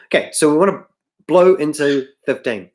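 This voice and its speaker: A man's voice: on the high side, normal speed, very noisy. A man teaching harmonica on a livestream, tired and losing his voice, rambling and correcting himself often, with harmonica playing behind him. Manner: rambling, self-correcting, apologetic. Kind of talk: livestream music tutorial.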